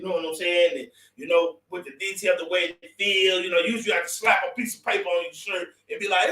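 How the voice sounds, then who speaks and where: Man, bright tense voice, emphatic host, echoey room, distant mic. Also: high voice, fast talker, hardly any pauses, soft background music. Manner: emphatic hype-man interjections. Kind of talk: casual group talk.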